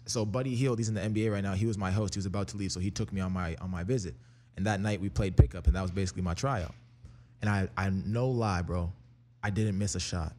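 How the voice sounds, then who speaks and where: A young man from Canada, a guest telling his life story in a casual, energetic and profane way. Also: sits low, fast. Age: young adult. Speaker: interview guest, rapper.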